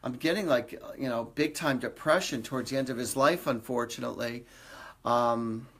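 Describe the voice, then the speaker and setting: A psychic medium hosts a live stream, giving readings in a rambling, conversational style packed with fillers. His voice is medium-pitched and a bit bright, and he talks at a normal speed.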